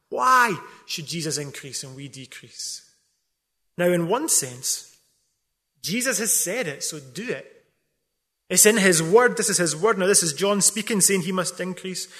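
A man's voice: on the high side, bright, forceful tone. A man preaching a sermon as pastor, emphatic and full of rhetorical questions, with wry asides. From not from England.

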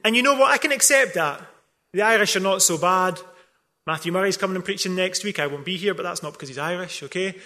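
A man's voice: sits high, fast, bright, forceful tone. A man preaching a sermon as pastor, emphatic and full of rhetorical questions, with wry asides. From not from England.

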